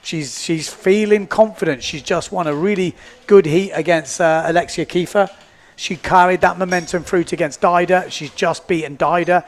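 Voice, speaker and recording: A man's voice: high-pitched, steady tone, moderate pace. A man commentating live at a sports event, chatty and upbeat, often repeating himself as he thinks aloud. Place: indoors at a beachside event.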